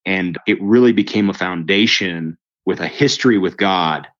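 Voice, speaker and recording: Deep-voiced man telling an animated story. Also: moderate pace, dull audio. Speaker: guest telling his testimony. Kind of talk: storytelling interview chat.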